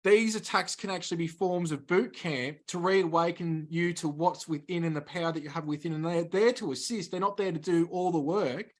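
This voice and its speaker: Measured male guest with a high voice. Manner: measured, explanatory. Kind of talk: spiritual interview talk.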